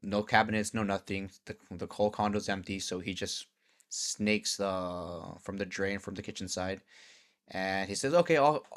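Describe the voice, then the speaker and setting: A man's voice: deep voice, moderate pace. A man vlogging, telling a story casually and acting out the back-and-forth with lots of swearing. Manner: animated, profane, acts out conversations.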